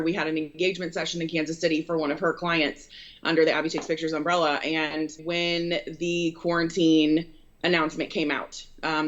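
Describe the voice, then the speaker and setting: Earnest woman storyteller, lowish voice, rambling, dull lo-fi sound. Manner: earnest, rambling with many fillers. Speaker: photographer and business owner. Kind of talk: casual interview storytelling. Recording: dull lo-fi recording.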